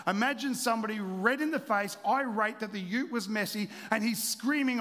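Aussie pastor, high voice, animated sermon storyteller, ringing hall. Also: male voice, normal speed, hardly any pauses. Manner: animated storytelling, drops to quiet confessional tones.

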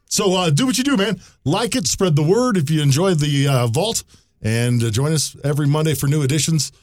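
A man's voice: on the high side, fairly quick, no echo. A man hosting a radio podcast in casual chat, easygoing and enthusiastic. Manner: easygoing, laid-back, enthusiastic asides.

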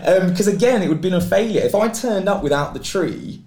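Speaking high-pitched and fairly quick, this British athlete guests on a podcast and spins a lengthy tale. He animatedly voices the characters he quotes, and the room echoes noticeably around him.

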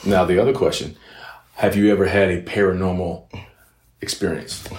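A man's voice: low-pitched, steady tone, normal speed, a little mellow, roomy sound. Man hosting a casual podcast. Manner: short prompts and questions. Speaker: podcast host. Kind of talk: casual interview.

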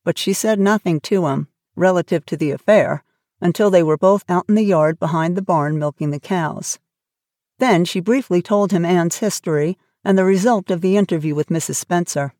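A woman narrating an audiobook with clear, expressive reading. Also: lowish voice, normal speed, no room sound, clean studio sound. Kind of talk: scripted narration.

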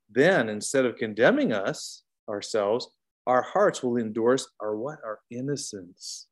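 A middle-aged man teaching an informal Bible study, swinging between emphatic high bursts and soft low asides. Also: animated, unhurried.

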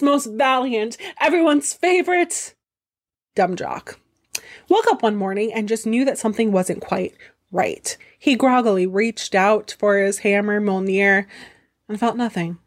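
A woman host telling a myth comedically, with profane, wry asides. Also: medium pitch. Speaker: storyteller host. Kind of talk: comedic mythology storytelling.

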